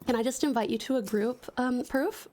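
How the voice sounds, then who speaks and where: A woman's voice: fairly high pitch, normal speed, darkish tone. A woman from Australia streaming from home, chatting casually and gushing thanks to viewers with pet names. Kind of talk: casual live-stream chat. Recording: music playing behind.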